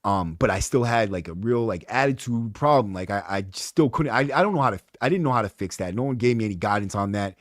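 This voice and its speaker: A man, hosting a podcast, telling his own story in a casual, profane, animated way. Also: fairly low pitch, fast, hardly any pauses, no echo, clean studio sound. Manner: animated, profane, rising to heated outbursts. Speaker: podcast host.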